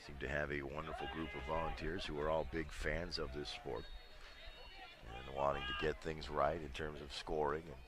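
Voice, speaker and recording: Very deep-voiced male lacrosse commentator. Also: moderate pace. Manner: relaxed, chatty, dry humor with frequent fillers. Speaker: play-by-play commentator. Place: outdoor stadium.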